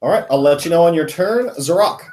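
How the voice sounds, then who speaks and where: A man's voice: fairly high pitch, animated, fairly quick, roomy sound, noisy background. A man acting as dungeon master, narrating combat and running the turns of a tabletop game. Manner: runs the table, counts out moves, narrates combat.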